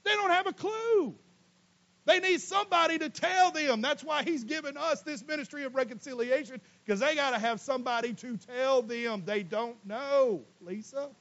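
High-voiced preacher. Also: male voice, moderate pace, muffled recording. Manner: animated preaching, swings from loud emphatic to quiet asides; folksy, casual Southern US speech. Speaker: pastor. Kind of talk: sermon.

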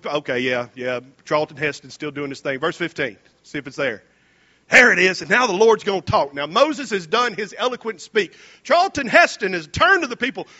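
Man, preacher, sermon, folksy slang, animated, bright tone. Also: high-pitched, lo-fi sound. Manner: folksy, animated, retells scripture in casual slang.

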